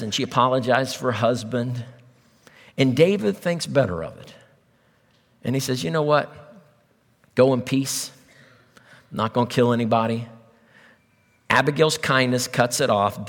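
A middle-aged pastor preaching a sermon, telling a story with humor and acted voices. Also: male voice, medium pitch, in a large hall. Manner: animated storytelling with jokes and voices.

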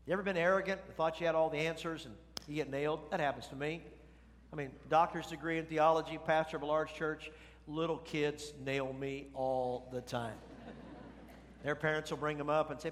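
A middle-aged male pastor delivers a sermon in a conversational way, often turning to the congregation with questions. His voice sits a little high. It rings with the long reverb of a large church hall. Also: a little hiss or hum. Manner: conversational preaching with rhetorical questions.

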